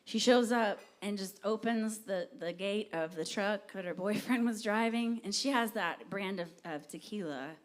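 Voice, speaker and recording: A woman's voice: mid-range voice, normal speed, few pauses. A woman singer from Texas chatting with a live audience between songs, rambling and self-deprecating as she tells a story. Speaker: singer-songwriter performing live. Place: live music venue with audience.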